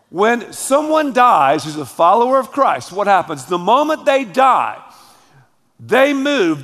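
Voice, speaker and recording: Male preacher, high voice, dramatic emphatic sermon, echoing church hall. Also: fairly bright tone. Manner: emphatic and dramatic, calls on the audience to repeat. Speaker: pastor. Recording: long hall reverb.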